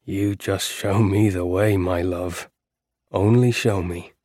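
A man voicing a sneering, cruel man who taunts with slow mockery in an audiobook. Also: low voice, steady tone, darkish tone, dry recording, clean studio sound. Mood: mocking.

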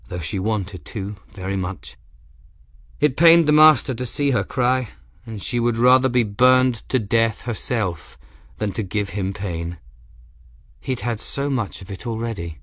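A man's voice: fairly low pitch, fairly bright tone, no room sound, clean studio sound. A man narrating a fantasy story as an audiobook reader.

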